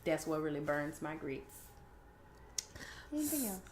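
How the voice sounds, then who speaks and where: A woman's voice: deep voice, very animated, unhurried, slight background noise. A young woman co-hosting a casual chat podcast, ranting emphatically and laughing freely. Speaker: podcast co-host. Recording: roomy echo.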